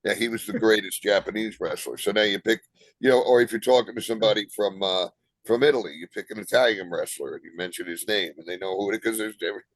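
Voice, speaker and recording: A man's voice: on the low side, fast, dry recording. An older man with a New Jersey accent, a comedian guest telling jokes and anecdotes in a casual interview. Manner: joking, tells anecdotes with punchlines.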